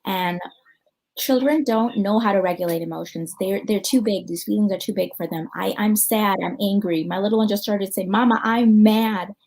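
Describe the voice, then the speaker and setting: Over a video call at an online conference, an American woman who is a clinical psychologist answers questions loosely and conversationally. She thinks aloud with ums and you-knows in an ordinary mid-range pitch and a darkish tone, on a rough recording.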